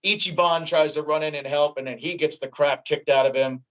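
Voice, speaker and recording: A man guest excitedly retelling what he saw live, his voice jumping high when he quotes himself. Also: normal speed, low-quality recording. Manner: animated, voice jumps high when quoting himself. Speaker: wrestling fan guest. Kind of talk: excited recounting in casual chat.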